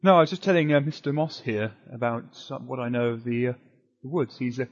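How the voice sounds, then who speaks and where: A humble village storekeeper bows and greets his customers with courteous eagerness, as a man puts him on during a tabletop game. The voice is husky, and the recording is dull and lo-fi. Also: mid-range voice, fairly quick, big-room sound, close to an everyday voice.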